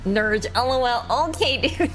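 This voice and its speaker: A woman's voice: high-pitched, lively intonation, slow, over music. A woman livestreaming a game, chatting casually to her viewers in a rambling, joking way that is full of swearing. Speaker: gaming livestreamer. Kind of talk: casual stream chat.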